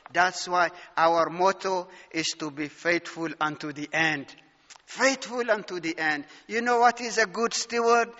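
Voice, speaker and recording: A male preacher delivers a fervent sermon in a bright, high voice, piling up rhetorical questions and calling out to his dear friends. His words ring out with a long hall reverb on a dull, lo-fi recording.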